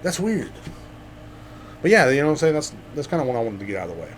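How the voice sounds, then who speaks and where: A podcast host, male, delivers a rambling, swear-filled comedy monologue by himself at a quick clip. He swings between loud, excited bursts and mumbled asides, his middle-pitched voice backed by a faint hum.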